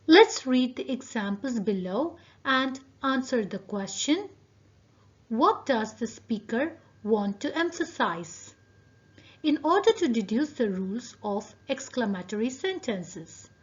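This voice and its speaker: A woman teacher giving a recorded video lesson, speaking deliberately and addressing her students directly. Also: a little high, big pitch swings. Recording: dull lo-fi video audio.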